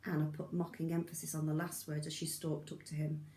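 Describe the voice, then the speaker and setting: A woman narrating a novel in an audiobook reading, steady and measured. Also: low-pitched, echoey room. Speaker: audiobook reader.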